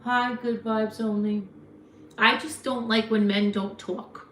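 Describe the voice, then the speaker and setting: A woman's voice: a little high, level tone, slow. A chatty woman in her fifties with a New Jersey accent talks unhurriedly to her live viewers. Her voice rings in an echoey room with a faint hiss behind it. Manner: chatty, frank, talks back to viewer comments. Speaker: livestream host. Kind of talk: casual live chat reading comments.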